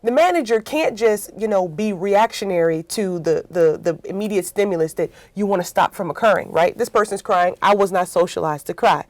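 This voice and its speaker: A woman talks through workplace stories in a conversational interview. She acts out quoted remarks and keeps checking in with "right?". Her voice is mid-pitched and the sound is dry and close. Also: brisk, hardly any pauses, no echo. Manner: animated storytelling with acted-out quotes; frequent "right?" tags. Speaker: interview guest, workplace consultant.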